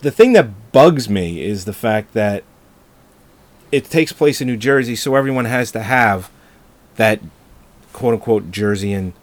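A man's voice: lowish voice, expressive, unhurried, pauses often. A man chatting casually on a podcast, opinionated and swearing freely, often trailing off as he hedges. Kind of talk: casual chat.

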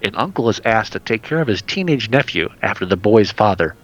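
A man's voice: on the low side, lively intonation, fairly quick, dull audio. A man co-hosting a casual film chat podcast, wry and teasing. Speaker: podcast co-host.

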